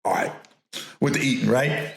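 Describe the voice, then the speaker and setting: A man, a comedian and host, telling a story in a casual, animated way, acting out the voices of others and laughing often. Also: mid-range voice, normal speed, gravelly, very echoey.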